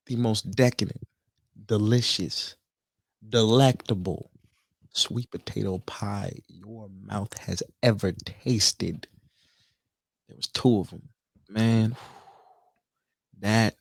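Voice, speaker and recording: A man co-hosting a podcast, telling a food story in a lively, casual way with plenty of swearing. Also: lowish voice, gravelly, no echo. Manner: animated storyteller, swears freely. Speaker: podcast co-host. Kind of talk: casual chat.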